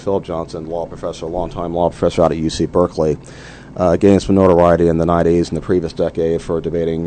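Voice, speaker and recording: A man's voice: low-pitched, mellow, a little hiss or hum. A man speaking as a guest in a radio interview, telling anecdotes with lots of "you know" fillers.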